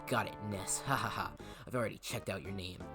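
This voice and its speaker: A man's voice: fairly low pitch, brisk. A man hosting a let's-play, chatting casually with wry asides as he plays. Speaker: gaming channel host. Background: game music.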